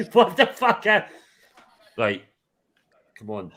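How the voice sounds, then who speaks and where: A man's voice: sits high, wildly swooping pitch, very slow, bright, forceful tone. Guy hosting a live stream, teasing, joking around, egging people on. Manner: teasing, jokey, eggs people on. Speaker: stream host. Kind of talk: casual live-stream banter.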